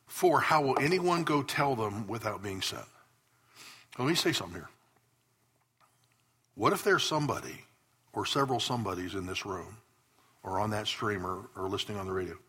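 A man's voice: fairly low pitch, a bit bright, breathy edge. A man preaching a sermon to his congregation as pastor, telling stories with earnest bursts of emphasis. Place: church hall before a congregation.

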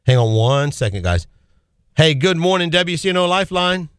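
High-pitched guy preaching hard on christian call-in radio, repeats himself a lot, super bouncy delivery. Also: sing-song, moderate pace, a bit bright, smooth, dry recording, clean studio sound. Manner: fervent, emphatic, repeats key phrases. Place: radio studio.

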